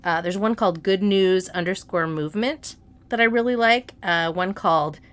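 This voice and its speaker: A woman's voice: fairly low pitch, normal speed, fairly bright tone. A middle-aged woman co-hosting a podcast in loose, profane, joking casual chat. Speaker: podcast co-host.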